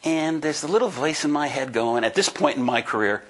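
A man's voice: fairly high pitch, expressive, fairly quick, a bit bright. A man in his sixties giving a presentation to a live audience, talking in an emphatic, folksy way and often checking in with "right?". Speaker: conference speaker and book co-author. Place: talk before a live audience.

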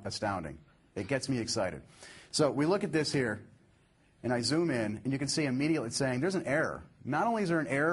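A man presenting a live software demo, upbeat and explaining step by step as he clicks through his code. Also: mid-range voice, breathy edge.

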